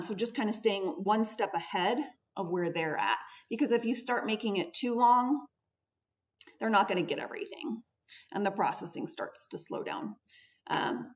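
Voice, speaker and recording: A woman speech therapist giving a patient, explanatory conference presentation, stressing key words as she goes. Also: medium pitch. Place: conference room. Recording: voice picked up from a distance.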